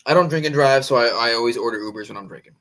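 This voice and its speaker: A man's voice: medium pitch, racing. A man casually telling a long story to friends on a podcast. He swears freely and acts out the other people's lines. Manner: animated, profane, acts out quoted voices. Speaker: podcast co-host.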